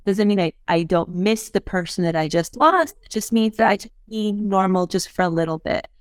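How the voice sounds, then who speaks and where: A woman's voice: mid-range voice, moderate pace, dry recording, studio quality. A woman hosting a podcast interview, talking in an earnest, thoughtful way and often quoting what people say. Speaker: podcast host. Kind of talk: casual interview chat.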